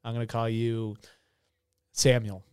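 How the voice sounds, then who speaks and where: A man's voice: mid-range voice, flat delivery, measured pace, darkish tone, smooth. A young man hosting a casual podcast, rambling through stories with a lot of swearing and a mock-official tone. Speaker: podcast host. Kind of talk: casual chat.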